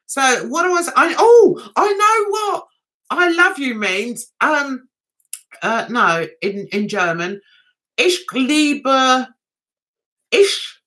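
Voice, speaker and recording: A woman hosts a relaxed livestream chat, laughing often as she answers her viewers. Her voice is bright and high, and she talks at an unhurried pace. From England. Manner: giggly, chatty, reads viewer comments aloud and answers them. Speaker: livestream host.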